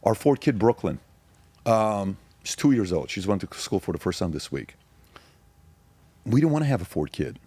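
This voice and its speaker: A man's voice: fairly low pitch, big pitch swings, warm tone, husky, no room sound. A middle-aged man from Iran, a podcast guest, telling stories in an emphatic way and hammering points through repetition. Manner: emphatic, rapid-fire repetition. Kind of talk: casual storytelling.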